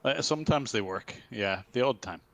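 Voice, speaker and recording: Lively man, amused and self-deprecating. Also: mid-range voice, moderate pace, gravelly. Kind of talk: casual chat.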